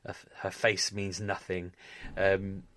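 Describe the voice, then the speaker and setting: A podcast co-host talking in a loose, rambling and self-mocking way, often circling back to restart his sentences. His voice sits fairly low, and the sound is dry and close with no room echo. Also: little pitch movement, slow pace, fairly bright tone. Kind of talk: casual chat.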